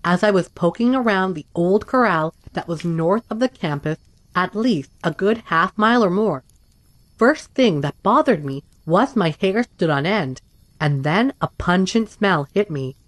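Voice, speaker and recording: A woman reading first-person accounts aloud in a steady, even scripted narration. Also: on the low side, measured pace, no room sound. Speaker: story narrator.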